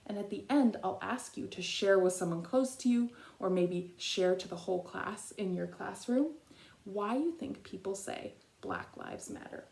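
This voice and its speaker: A woman leading a school assembly as a trainee principal, speaking slowly and clearly to children and reading a picture book aloud. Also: medium pitch, animated, darkish tone, reverberant. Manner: slow, clear teacher talk with call-and-response prompts. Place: elementary school.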